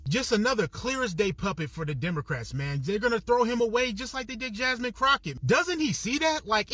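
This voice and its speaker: A man's voice: high-pitched, fairly bright tone, husky, dry recording. A man giving a casual political opinion monologue, exasperated and sarcastic. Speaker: political commentator.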